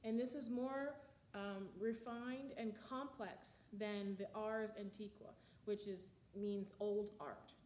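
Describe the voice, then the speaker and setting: A woman's voice: mid-range voice, fairly even intonation, slow, few pauses, darkish tone, a little hiss or hum. Woman lecturing in an echoey room. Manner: explanatory, with frequent ums and sung counting of beats. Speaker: music history teacher. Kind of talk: recorded slide lecture.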